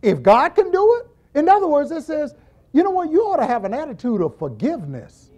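A man's voice: extremely high pitch, fairly quick, muffled recording. A middle-aged man, a church deacon, giving a humorous Bible teaching and acting out little scenes as he goes. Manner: animated, acts out scenes with quoted voices, jokes and laughs.

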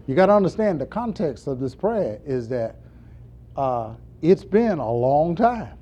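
A man preaching a sermon, moving between quiet asides and impassioned high calls. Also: sing-song, a little slow, dull audio.

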